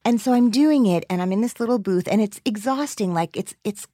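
A woman hosting a podcast, chatting casually with a guest and dropping wry, deadpan quips. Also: medium pitch, fairly quick, dry recording, clean studio sound. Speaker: podcast host. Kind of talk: casual interview chat.

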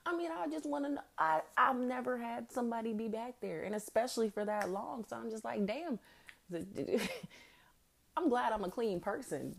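A woman's voice: fairly low pitch, creaky. A woman hosting a podcast, telling a personal story in a frank, profane, casual way, laughing often and acting out what people said. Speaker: podcast host.

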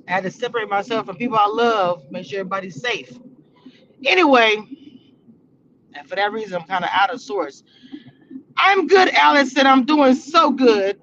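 A woman hosting a casual livestream about a reality show, talking in animated slang and laughing often. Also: fairly high pitch, slight background noise. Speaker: entertainment reality-show review host. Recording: slightly muffled livestream audio.

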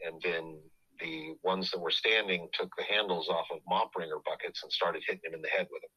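A middle-aged man hosting a podcast, telling a family story in a halting, casual way full of restarts. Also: low-pitched, fairly even intonation, bright, forceful tone, husky, rough recording.

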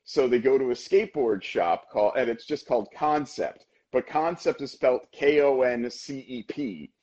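Husky man telling a story, lo-fi. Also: medium pitch, normal speed. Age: 30s. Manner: animated storytelling, acting out characters in funny voices. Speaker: podcast co-host. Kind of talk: casual chat.

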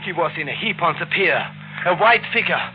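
A man's voice: fairly high pitch, expressive, a little fast, lightly acted. An actor playing an earnest, hesitant male waiter who narrates and stammers, in a 1940s-style radio drama. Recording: tinny old radio broadcast with music.

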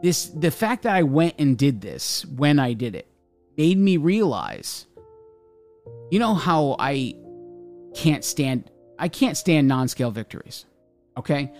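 A man's voice: on the high side, very animated, slow, pauses often, a little mellow, soft background music. A man hosting a podcast, delivering an emphatic, argumentative monologue. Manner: emphatic, argumentative, says okay often. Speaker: podcast host. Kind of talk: ranting monologue.

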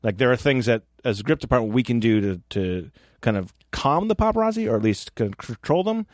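A man guest on a podcast, telling animated stories from film sets in a casual chat and acting out what people said. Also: medium pitch, brisk, no echo, studio quality. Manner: animated anecdotes, acts out quotes, swears freely.

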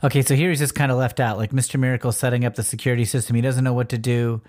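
A man in easy, casual conversation, talking through a comic with a co-host. He chats in a relaxed way and sometimes slips into playful voices for the characters' lines. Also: mid-range voice, racing. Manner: relaxed, chatty, reads comic dialogue aloud in playful voices. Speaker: podcast co-host. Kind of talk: casual comic book discussion.

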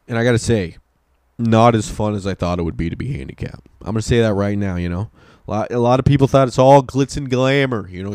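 A young adult man, a podcast host, telling a rambling, profane and excitable comic story in a casual way. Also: mid-range voice, clean tone, no room sound, studio quality.

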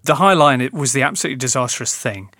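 A man hosting a casual football podcast, measured and steering the conversation. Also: medium pitch, lively intonation, pushed and bright, no echo, studio quality.

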